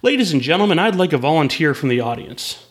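A man voicing a male circus clown leader who teases a boy before a crowd, loud and showy. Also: a little high, big pitch swings, quick pace, pitched above the performer's own voice. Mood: showy, teasing. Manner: loud showman announcing to a crowd.

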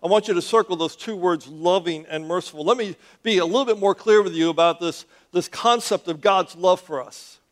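A man's voice: sits high, a little fast, few pauses. A male pastor preaching a sermon, emphatic and repetitive, calling on the congregation to respond. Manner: emphatic, calls for congregation response, repeats words. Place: church sanctuary.

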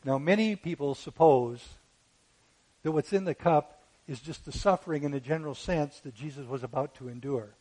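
A man preaching a sermon who rises to loud, fervent peaks when quoting scripture and fires off rhetorical questions. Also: fairly high pitch, poor audio. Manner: asks rapid rhetorical questions.

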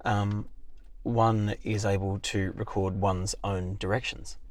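A man's voice: fairly low pitch, slow. A man, co-hosting a casual chat show and telling playful stories. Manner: lively, playful storyteller. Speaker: co-host.

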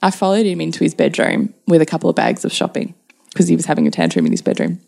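A woman telling parenting stories in a casual chat, acting out scenes with animated energy. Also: deep voice, fast talker, gravelly. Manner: animated storyteller who acts out tantrums.

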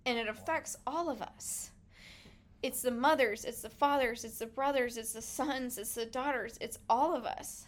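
A woman's voice: on the high side, moderate pace. A middle-aged woman, a pediatrician, sharing a heartfelt and at times tearful casual reflection with a group. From United States. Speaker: pediatrician and podcast guest.

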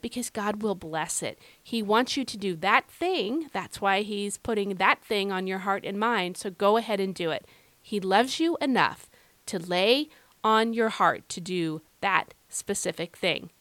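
An Irish woman talks through a devotional podcast in an earnest, encouraging, conversational way. Her voice sits at a middle pitch for a woman. The recording is dry and close, with no room sound. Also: lively intonation, moderate pace, fairly bright tone, no room sound. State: recovering from feeling unwell. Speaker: podcast host. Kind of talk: devotional Bible podcast talk.

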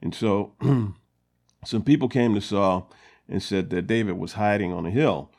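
A man's voice: lowish voice, measured pace, creaky. A man hosting a Bible study, reading scripture and retelling it in casual, conversational words with many fillers. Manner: grows louder and more animated when quoting characters. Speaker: Bible study podcast host.

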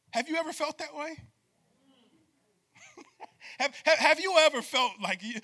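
A man preaching a sermon, moving from quiet talk to shouted, repetitive calls to the congregation. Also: very high-pitched, moderate pace, long pauses. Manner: builds from quiet to shouting, repeats words.

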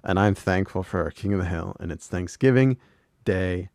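A man's voice: low-pitched, moderate pace, a little mellow, no echo. A man co-hosting a podcast, casually retelling TV episodes with laughs, swearing and acted-out quotes. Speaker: podcast co-host.

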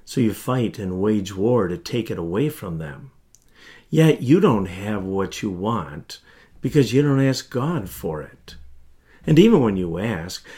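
A man preaching as a pastor in a sermon, speaking earnestly and from the heart, with deliberate pauses. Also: lowish voice, dark tone.

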